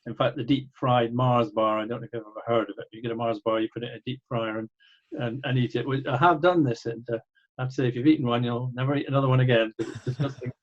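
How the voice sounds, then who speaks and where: A man's voice: medium pitch, steady tone, fast talker. Older scottish guy with a mild accent, dry wit, kinda dull lo-fi call audio. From Scotland. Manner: dry, wry humor. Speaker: guest, doctor. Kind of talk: conversational interview.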